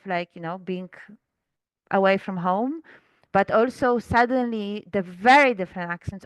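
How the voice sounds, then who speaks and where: Thoughtful woman, smooth voice. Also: medium pitch, dry recording, poor audio. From Poland. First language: Polish. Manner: thoughtful, hesitant, many fillers. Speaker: guest author. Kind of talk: reflective conversational interview.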